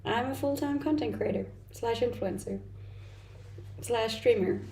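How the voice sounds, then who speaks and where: Young woman, from Denmark, mixed Danish-tinged English accent, casual livestream chat, gravelly fry, roomy echo. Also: fairly high pitch, measured pace, dark tone, a little hiss or hum. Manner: chatty, reads chat aloud and answers with light laughs. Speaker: streamer and content creator.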